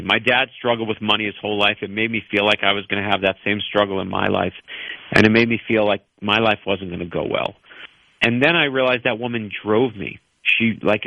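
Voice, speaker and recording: A man from New York, an author guest on a radio talk show, telling personal stories in an earnest, animated way. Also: on the low side, no echo, rough recording. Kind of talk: radio interview storytelling.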